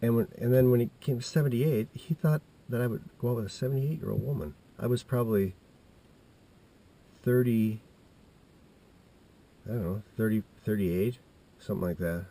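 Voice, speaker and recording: A man's voice: mid-range voice, normal speed, pauses often, dark tone. A man in his fifties telling a personal story in a casual, meandering way, full of restarts and asides. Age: 50s.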